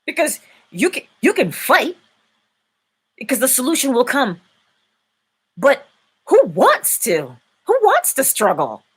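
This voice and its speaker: A woman hosting a live-stream inspirational talk, preaching in an animated way and laughing often. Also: sits high, slow pace, pauses often, husky. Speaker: inspirational speaker and host.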